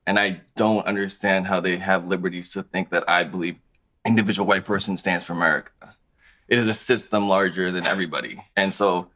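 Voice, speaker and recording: A man in his thirties, a podcast guest talking about his clothing brand in a relaxed, conversational way. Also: low-pitched, brisk. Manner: relaxed, conversational, thinks aloud with restarts. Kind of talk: casual interview chat.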